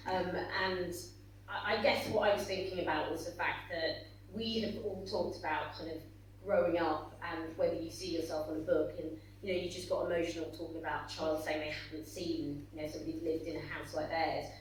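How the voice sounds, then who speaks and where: A woman's voice: low voice, fairly even intonation, brisk. A woman author on a conference panel, speaking emotionally and apologetically with many fillers. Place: conference hall. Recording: echoey hall from far off with faint hum.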